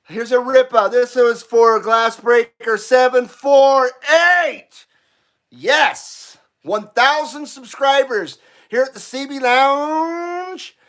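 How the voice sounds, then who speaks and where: A man hosting his own live stream, excitable and out of breath, swearing freely and laughing between remarks. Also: very high-pitched, slow. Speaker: channel host. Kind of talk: casual live stream chat.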